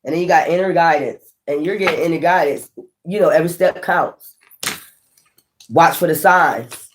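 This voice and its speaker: A tarot reader preaching about spiritual matters in a loose, rambling way, full of restarts and frequent swearing. The voice sits at a middling pitch and bursts into laughter between points. A faint hiss runs under the recording. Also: moderate pace. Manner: profane, preachy and excitable, often laughing. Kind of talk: casual spiritual monologue.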